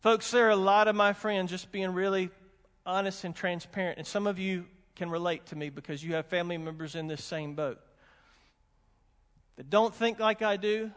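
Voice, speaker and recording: A man's voice: sits high, steady tone, moderate pace, a bit bright. A man preaching a sermon as pastor, emphatic and folksy, repeating his warnings with humorous asides. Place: church sanctuary with congregation. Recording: long hall reverb.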